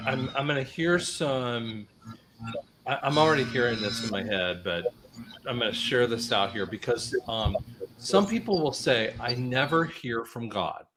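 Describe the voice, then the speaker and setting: A man's voice: mid-range voice, background noise. A man hosting a talk show, speaking in an emphatic, preaching way and repeating himself for stress. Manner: emphatic, repeats "I'm telling you". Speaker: host.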